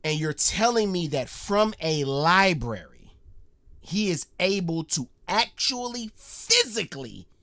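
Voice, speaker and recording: An excitable man from the United States reacts to a video, and his voice is bright and sharp. His pitch jumps all over the place as he keeps calling out to his viewers. The sound is dry and close, with no room echo. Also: slow pace. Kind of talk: casual reaction commentary.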